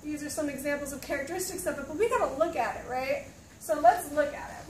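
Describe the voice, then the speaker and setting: High-voiced woman teaching from across a room. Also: quick pace, darkish tone, a little hiss or hum. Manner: checks in with students, asks questions. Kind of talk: classroom lesson. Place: classroom. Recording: roomy, from a distance.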